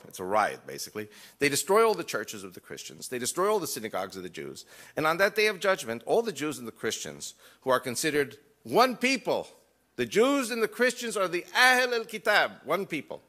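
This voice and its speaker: A man's voice: mid-range voice, pushed and bright. A man giving an emphatic lecture to a live audience, mixing wry jokes into his points.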